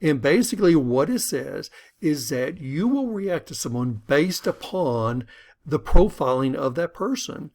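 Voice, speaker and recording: A middle-aged man lecturing in a relaxed, conversational way, with a gravelly edge to his voice. He tells stories to make his points, slipping into the voices of the people in them. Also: a little high, measured pace. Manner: conversational, storytelling, acts out quoted voices. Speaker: instructor. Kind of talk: lecture with an acted-out story.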